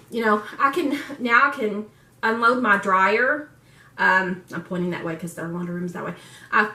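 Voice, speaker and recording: A woman's voice: mid-range voice, pushed and bright. Candid woman in her forties, echoey room. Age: 40s. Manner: candid, emotional, laughs often. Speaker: vlogger. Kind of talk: personal vlog. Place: room in a home. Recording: echoey room, far from mic.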